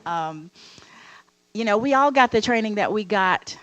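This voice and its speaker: A woman panelist speaking earnestly, with frequent fillers and soft laughs. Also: medium pitch, expressive, measured pace, dry recording, muffled recording. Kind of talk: panel discussion. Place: campus event room.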